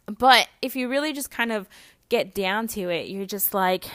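A woman's voice: medium pitch, moderate pace, fairly bright tone, dry recording, clean studio sound. A young adult woman hosting a podcast in a casual monologue, chatty and blunt, swearing freely and peppering her talk with "like.". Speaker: podcast host.

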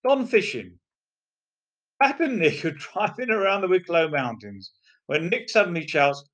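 Lively-voiced narrator reading pub jokes. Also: mid-range voice, unhurried. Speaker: joke teller.

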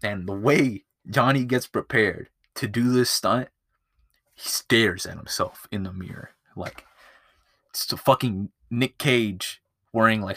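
A man's voice: medium pitch, fairly bright tone, dry recording, clean studio sound. A man hosting his own podcast. He retells a movie in a rambling, profane, chatty way and often loses his place. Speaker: podcast host. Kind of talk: casual movie review chat.

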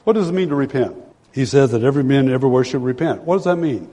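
A man in his sixties preaching a sermon as pastor, dramatic, swinging from loud pleading to hushed low tones. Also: expressive, fast. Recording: long hall reverb.

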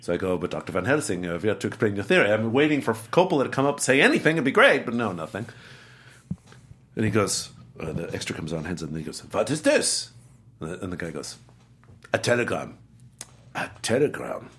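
A man's voice: on the low side, quick pace, a little hiss or hum. A middle-aged man telling a casual anecdote, acting out the voices and accents of the people in it. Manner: animated storyteller, acts out voices and accents. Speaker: guest actor telling a story.

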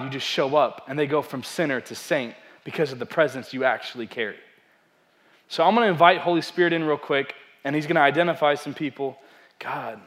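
Young male pastor, fairly high voice, animated storytelling sermon with self-deprecating humor.

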